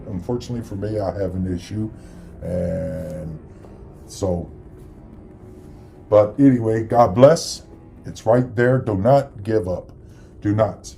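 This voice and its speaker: A middle-aged host from the Chicago area gives a casual holiday monologue that is rambling, earnest and profane. His voice is medium-pitched with a dark tone.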